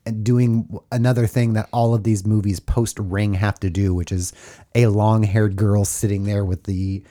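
A man's voice: on the low side, moderate pace. A man hosting a podcast, recapping a horror film in a casual, joking way and acting out the characters. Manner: animated, joking, acts out characters. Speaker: podcast host.

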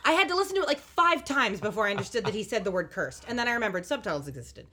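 A woman co-hosting a casual podcast, recapping a TV episode in a wry, animated way and acting out the characters' lines. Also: medium pitch, rapid-fire, a little hiss or hum. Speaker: podcast co-host recapping a show. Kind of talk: casual chat.

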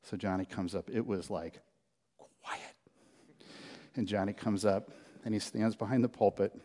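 A man preaching a sermon as pastor, telling a story in an animated way, with loud bursts that drop to hushed low lines. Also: moderate pace. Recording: long hall reverb.

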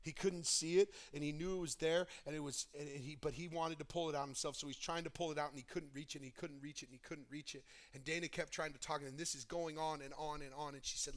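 A male pastor delivers a sermon with a bright, forceful edge to his voice. He leans on repetition and rhetorical questions, pressing each point home as he leads the church toward communion. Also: on the high side, steady tone, a little fast. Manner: emphatic, repeats phrases and asks rhetorical questions.

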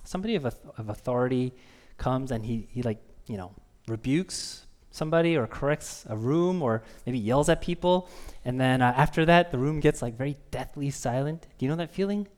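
A man preaching a sermon as pastor, talking conversationally with the congregation and asking them questions, and reading scripture slowly with emphasis. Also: mid-range voice, lively intonation, a little mellow. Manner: conversational, asks the listeners questions.

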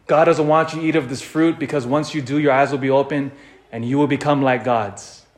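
A man preaching a sermon and telling the story dramatically, dropping to a hush and then rising loud. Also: medium pitch, steady tone, fairly quick. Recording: echoey room.

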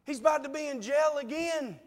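A man's voice: extremely high pitch, a little fast. A man preaching a sermon in an earnest, conversational way, asking repeated rhetorical questions. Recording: long reverb of a large hall.

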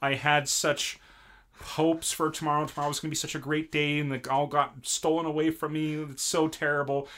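A man's voice: on the high side, level tone, brisk, fairly bright tone, voice pushed up, lightly acted. A man voicing a lovesick young woman, whining and lamenting in a raised voice. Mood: sobbing. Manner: whiny, sobbing lament.

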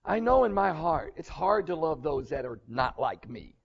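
Casting: male pastor, fairly high voice, earnest conversational sermon, slightly muffled recording. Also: very animated, normal speed, vocal fry, breathy edge. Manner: earnest, conversational preaching with rising emphasis.

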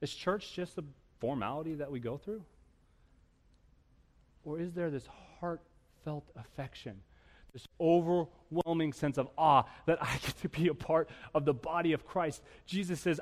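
A man preaching a sermon as pastor, animated and storytelling, with humor and rhetorical questions. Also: fairly high pitch, moderate pace. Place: church sanctuary. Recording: long reverb of a church hall.

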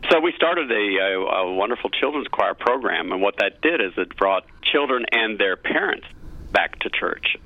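A man's voice: on the low side, lively intonation, moderate pace, no room sound. A middle-aged man, a cathedral choir director, talking earnestly and enthusiastically as a guest in a radio interview over a phone line. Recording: tinny phone line, dry.

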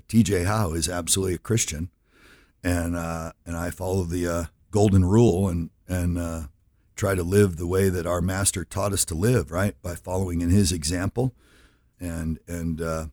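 A man's voice: sits low, darkish tone, dry recording, studio quality. A man in his fifties from California, an advisor introducing himself in an earnest, filler-heavy monologue that keeps checking in with listeners. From California, USA.

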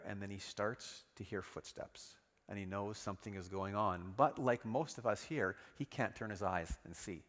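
A man preaching a sermon, retelling scripture in a lively, dramatic storytelling manner. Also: on the low side, long reverb tail. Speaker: pastor.

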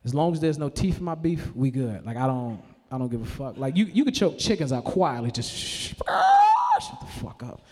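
A man doing a stand-up comedy set, profane and animated, now and then shouting in character voices. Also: mid-range voice, a little fast, hardly any pauses, in a large hall. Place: live comedy venue.

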